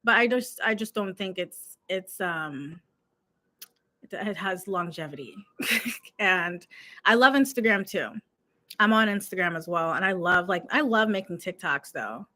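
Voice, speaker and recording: A woman's voice: lowish voice, lively intonation, measured pace, sharp tone. A young woman from the United States, a YouTube coach, chatting in a rambling, giggly vlog style full of "like" fillers. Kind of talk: casual talking-head vlog.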